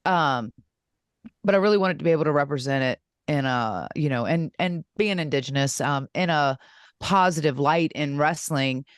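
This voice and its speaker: Smooth-voiced woman in earnest chat. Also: deep voice, normal speed, dry recording, studio quality. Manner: earnest, rambling with many fillers. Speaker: co-host and wrestling champion. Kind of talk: casual podcast chat.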